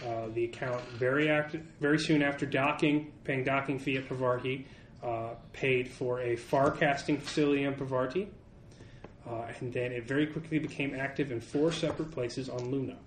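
A man runs a tabletop game as game master. He narrates in a halting way, with many fillers. The room is echoey, and a faint hiss sits behind him. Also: medium pitch, steady tone.

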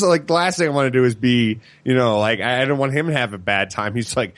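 A man's voice: mid-range voice, quick pace, hardly any pauses, no room sound. A man in casual chat, jumping in to tell his side and acting out what others said. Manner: lively, acts out quotes with shifting voices.

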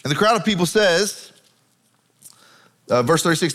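A man preaching a sermon, telling a Bible story in a conversational, animated way. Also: a little high, moderate pace, pauses often. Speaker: pastor.

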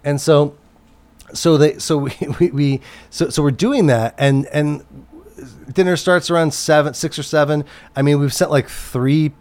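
A man's voice: on the high side, fairly even intonation, a little slow, darkish tone. A man who works as a TV producer, telling a story in casual chat, rambling with many restarts and fillers and swearing freely.

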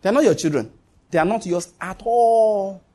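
A man preaches as pastor in a fairly high, husky voice. He hammers his points home, repeating them, with his pitch leaping up and dropping low. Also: normal speed, mellow. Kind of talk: sermon.

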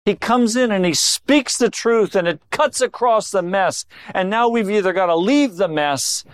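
Male pastor, middle-aged, sermon delivery, unhurried, drops low then punches lines up high. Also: clear, resonant tone, no echo, clean studio sound. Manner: dramatic swings between low intimate tones and raised emphatic lines.

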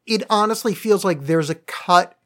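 Animated, sarcastic man critiquing a film. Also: high-pitched, moderate pace. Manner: animated, sarcastic, restarts often. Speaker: podcast co-host. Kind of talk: casual film critique chat.

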